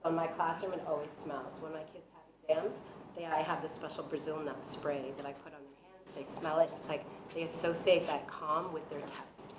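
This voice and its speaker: A middle-aged woman, a high school teacher, explaining brain science to parents in an animated way, with many fillers. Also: moderate pace, noisy background. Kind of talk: presenting at a parent talk.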